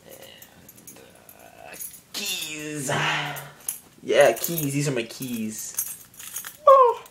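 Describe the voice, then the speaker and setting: A man's voice: medium pitch, huge pitch swings, drawn-out words, vocal fry, roomy sound, noisy background. A young man who has just woken up, rambling and swearing through a casual video message to his girlfriend from his room. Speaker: vlogger. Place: room at home.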